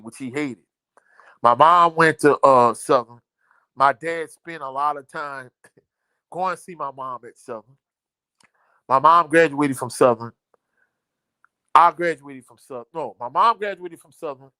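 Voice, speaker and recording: A middle-aged man from Louisiana chats casually on a sports live stream, reading viewer comments and repeating phrases for emphasis. His voice is bright and a bit high for a man. The recording is close and dry, with no room sound. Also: no echo.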